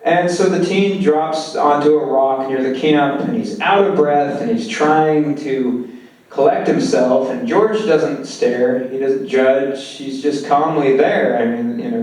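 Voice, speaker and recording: A man's voice: medium pitch, dark tone, recorded from a distance. A man giving a film lecture, retelling scenes from a script in a loose, conversational way. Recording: very echoey room, voice off-mic.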